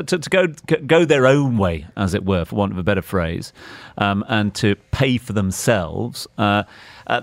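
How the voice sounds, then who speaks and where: A man with an English accent presenting business news on radio, talking in a halting way with many restarts. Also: lowish voice, a bit bright, dry recording. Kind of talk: casual radio chat.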